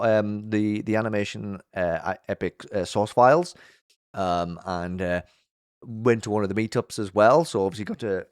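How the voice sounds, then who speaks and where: A man hosting a casual commentary vlog, chatty and upbeat, with lots of fillers and restarts, and his voice jumps high when he gets sincere. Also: a little mellow, dry recording, studio quality. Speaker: YouTube show host.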